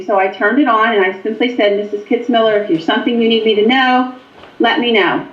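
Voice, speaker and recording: A woman from Pennsylvania, a paranormal investigator, telling stories as an interview guest in an animated way with frequent ums. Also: a little high, quick pace. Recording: echoey, dull lo-fi sound.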